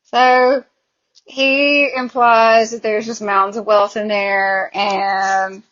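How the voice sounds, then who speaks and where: A woman's voice: mid-range voice, little pitch movement, slow, a bit bright, dull audio. A woman with a Southern US accent co-hosting a podcast, chatting casually about a TV show with exasperated asides. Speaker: podcast co-host. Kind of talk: casual chat recapping a TV show.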